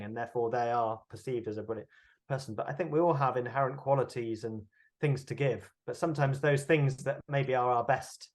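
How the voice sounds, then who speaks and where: A man with a Bristol accent talks through an interview in a middle-range voice. He reflects aloud and stumbles over repeated words as he gathers his thoughts. He sounds like an actor chatting about his work. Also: medium pitch. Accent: West Country English, Bristol. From England. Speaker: actor and producer, interview guest. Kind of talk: conversational interview.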